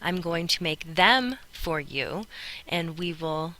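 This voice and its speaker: A woman teaching a Spanish grammar lesson as a voice-over on her notes, explaining each step in a clear, patient way. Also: fairly low pitch, takes it slowly, sharp tone.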